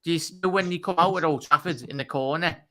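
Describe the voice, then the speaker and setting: Bright, blunt football fan man. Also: fairly high pitch, quick pace. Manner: blunt, opinionated, says mate a lot. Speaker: guest on football predictions show. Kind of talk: casual football chat.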